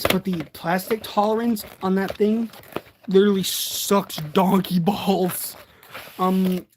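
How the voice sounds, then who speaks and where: Rambling, excitable eighteen-year-old guy. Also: sits high. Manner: excitable, rambling, self-deprecating. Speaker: toy reviewer streaming. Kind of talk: casual livestream unboxing chat. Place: bedroom, on his bed.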